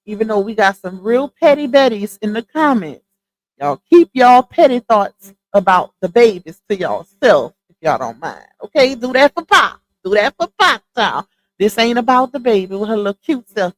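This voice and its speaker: Over earphones with a built-in mic, a woman with a medium-pitched voice hosts a laid-back gossip commentary livestream from her home, and the audio quality is poor. She talks directly to her viewers, calling them "y'all" and "child."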